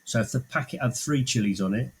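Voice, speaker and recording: A man hosting a podcast, asking questions and making dry, deadpan quips in a casual chat. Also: mid-range voice, fast, slightly rough, poor audio. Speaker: podcast host.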